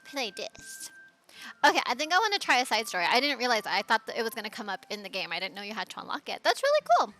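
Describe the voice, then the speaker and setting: A woman's voice: on the high side, big pitch swings, fast, soft background music. Chatty woman playing a game at home. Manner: chatty, bursts of laughter, soft asides. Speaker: let's play gamer. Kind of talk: casual gameplay commentary. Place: home, at a laptop. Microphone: headphones with mic.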